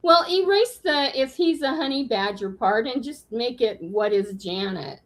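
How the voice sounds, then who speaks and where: A woman's voice: fairly high pitch, expressive, a little slow. A woman calling in to a talk show, speaking in a dry, amused way. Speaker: caller. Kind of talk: casual call-in chat.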